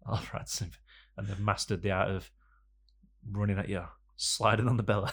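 A man's voice: on the low side, little pitch movement, normal speed, a bit bright, husky. A young man hosting a podcast, telling jokey rambling stories with lots of fillers in casual banter. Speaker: podcast co-host.

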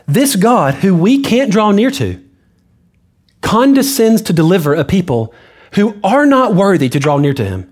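A man preaching a sermon as pastor, emphatic and repetitive. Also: high-pitched. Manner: emphatic preaching with repeated phrases. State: out of breath.

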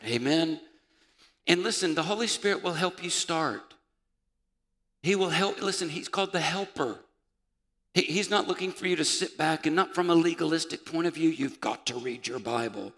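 A man preaching a sermon as pastor, building from quiet reflection to fervent shouting. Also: on the high side, normal speed, gravelly. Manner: impassioned preaching, rising to shouts. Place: church sanctuary. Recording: reverberant church hall.

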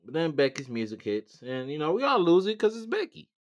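A man co-host steering a relaxed, casual group chat about wrestling. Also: fairly high pitch, a little fast, no room sound, dull audio.

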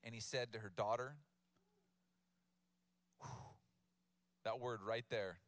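A man's voice: mid-range voice, takes it slowly, no echo. A man in his thirties preaching a sermon in a casual, humorous way, with playful retellings of the text. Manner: casual, humorous, animated storytelling with laughs. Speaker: pastor.

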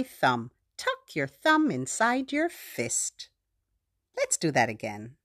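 A woman leads a children's phonics lesson in a slow, playful sing-song voice. Her pitch sits a little high and leaps up and down with lively swings. Every word is drawn out and exaggerated for little listeners. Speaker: preschool phonics host.

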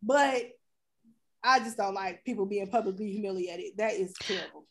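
A woman co-hosting a casual chat show, talking in a blunt, animated and profane way. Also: medium pitch, moderate pace. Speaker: podcast co-host.

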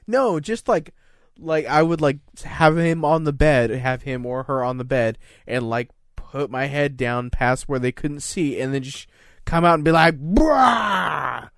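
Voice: medium pitch, unhurried, smooth, no room sound, studio quality. A podcast co-host in casual chat, teasing and laughing a lot.

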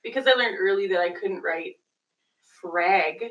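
A woman teacher chatting casually on a podcast, upbeat and quick with a joke. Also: mid-range voice, far from the mic, lo-fi sound. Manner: upbeat, laughing, quick quips. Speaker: teacher, podcast guest or co-host. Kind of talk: casual chat.

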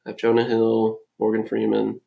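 A man's voice: lowish voice, monotone, moderate pace, vocal fry, reverberant, narrow, tinny audio. A young man co-hosting a podcast in casual chat, laid-back and hesitant, with joking asides. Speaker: podcast co-host.

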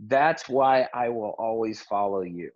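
A man's voice: lowish voice, unhurried, dull audio. Earnest rambling middle-aged man. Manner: earnest, rambling with many restarts. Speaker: pastor and podcast guest. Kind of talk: casual conversation.

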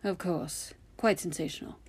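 A woman's voice: on the low side, normal speed, husky. Woman reading a snapping, bitter male teacher. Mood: curt. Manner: curt, snapping. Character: bitter male potions teacher, sharp-tongued, quick to anger.

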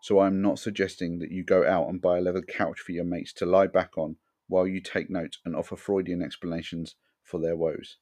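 A man's voice: low-pitched, level tone, a little fast, few pauses, dark tone. A man hosting a podcast, delivering a frank, earnest monologue from a script. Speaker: podcast host.

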